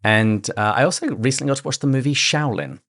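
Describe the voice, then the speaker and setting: A man's voice: mid-range voice, fast, a bit bright. A man co-hosting a podcast with a congested voice from a cold, talking in a mild, understated way. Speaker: podcast co-host. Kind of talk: casual podcast chat.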